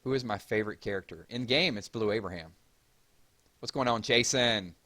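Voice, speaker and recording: Speaking at a normal speed in a lowish voice, this livestream host has a Southern accent from Georgia. He keeps things casual and chatty, reading the chat out loud and calling out viewers by name.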